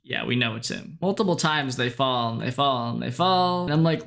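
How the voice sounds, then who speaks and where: A man's voice: medium pitch, expressive, normal speed, creaky, few pauses, fairly bright tone. A man giving a comedic movie recap in a goofy, sarcastic way, swearing and joking as he goes.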